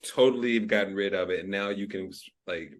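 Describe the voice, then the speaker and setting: Brief: low-voiced male host, laid-back and slangy, quick recap questions. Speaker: podcast host. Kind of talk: casual conversational interview.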